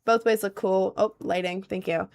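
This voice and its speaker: A woman's voice: mid-range voice, steady tone, normal speed. Young woman just chatting on stream, lots of likes and ums, super casual and rambly. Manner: rambling, heavy use of "like" and "um". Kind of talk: casual chat, answering viewer questions.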